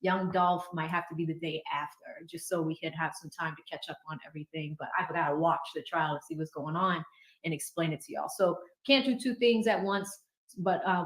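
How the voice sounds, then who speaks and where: A woman hosting a livestream in a casual, chatty and upbeat manner, reading out viewer super chats. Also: low voice. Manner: chatty, upbeat, quick asides. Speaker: livestream host. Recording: echoey room.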